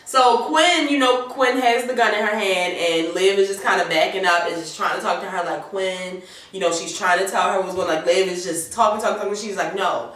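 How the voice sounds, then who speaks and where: A woman's voice: medium pitch, fairly quick. Profane woman recapping drama, echoey room. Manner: animated retelling, acts out characters' lines, profane. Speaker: recap host. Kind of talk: casual TV recap chat. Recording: echoey room, mic far off.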